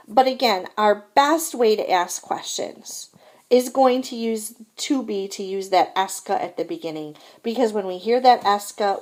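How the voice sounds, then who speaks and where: A woman teaching French grammar in a recorded lesson, patient and repetitive, often checking in with "okay?". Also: fairly high pitch. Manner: patient, repeats "so again" and "okay?".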